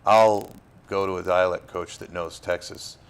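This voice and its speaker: A man from Florida, an actor being interviewed, talking in a relaxed, halting way with fillers and restarts. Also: low-pitched, clean tone. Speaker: actor guest. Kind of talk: casual interview talk.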